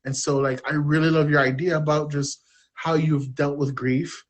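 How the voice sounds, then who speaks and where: A man's voice: fairly high pitch, little pitch movement, moderate pace. Candid man telling a personal story. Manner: open, self-deprecating, rambling. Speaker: podcast guest.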